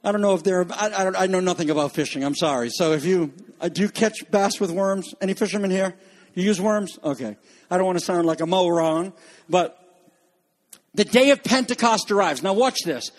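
High-voiced pastor preaching casually. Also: male voice, fairly quick. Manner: conversational and joking, with asides to the congregation. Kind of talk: sermon.

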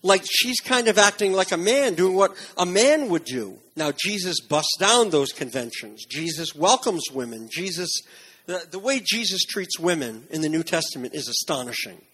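A man preaching a sermon, earnest and emphatic, dropping into softer reflective passages. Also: high voice, animated, normal speed, slightly rough. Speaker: pastor.

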